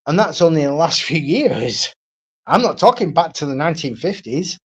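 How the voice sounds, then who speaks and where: A man's voice: on the high side, lively intonation, moderate pace, husky. A man ranting on his own live stream, blunt and profane, repeating himself and asking "right?" again and again. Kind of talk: solo livestream rant.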